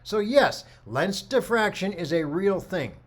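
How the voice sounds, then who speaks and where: A middle-aged man teaching photography, talking through slides with lively stories and acted-out dialogue. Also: sits high, unhurried. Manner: animated storyteller, acts out dialogue. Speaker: photography instructor. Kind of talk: lecture with slide commentary.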